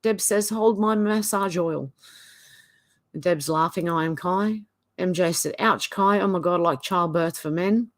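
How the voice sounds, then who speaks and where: Female Australian host, lowish voice, reads live chat aloud, chatty asides, easy laughs. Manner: chatty asides between comments, quick laughs. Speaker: livestream host. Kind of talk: reading out live chat comments.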